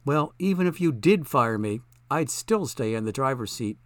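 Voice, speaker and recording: A patient, dutiful chauffeur, voiced by a man, who answers every outburst with calm, steady replies. The reading stays close to the narrator's own mid-pitched voice, recorded dry and close. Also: moderate pace, no echo, natural voice. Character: calm, loyal male chauffeur and bodyguard.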